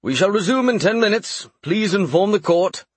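A man's voice: sits high, lively intonation, moderate pace, husky, no room sound, pitched above the performer's own voice. A man doing a gracious formal king. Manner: formal, courteous.

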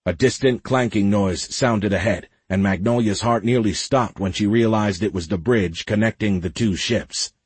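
Husky low-voiced male narrator. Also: normal speed, hardly any pauses, no echo. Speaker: audiobook narrator. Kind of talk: scripted narration.

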